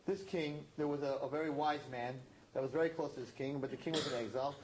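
A man teaching a class, telling a parable in an animated, emphatic way and repeating his points. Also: fairly high pitch, quick pace, background noise. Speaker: religious teacher. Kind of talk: storytelling lesson to a class. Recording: roomy echo.

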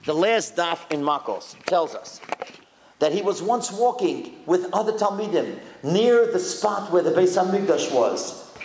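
A man preaches with a high, very lively voice that leaps between excited calls and low, solemn lines. The room around him rings with echo. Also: creaky, a little hiss or hum. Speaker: rabbi giving a talk. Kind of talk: animated sermon storytelling.

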